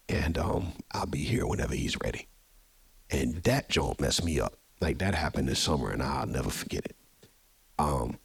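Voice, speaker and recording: A man's voice: rumbling low, breathy edge. A man hosting a live podcast show, telling a personal story with energy, often repeating words as he goes. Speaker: podcast host. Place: live show venue with audience.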